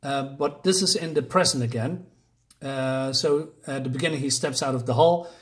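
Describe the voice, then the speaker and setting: A man casually recapping a comic book story with many restarts and fillers. He gets excited and laughs at the gory moments. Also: mid-range voice, moderate pace.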